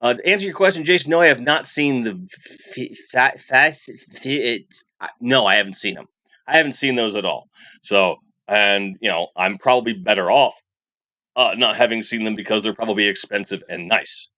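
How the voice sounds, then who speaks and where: A man's voice: lowish voice, moderate pace, pushed and bright, dry recording. A man hosting a casual toy news livestream, chatting loosely and reading out viewer messages with frequent restarts. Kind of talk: casual livestream chat reading super chats.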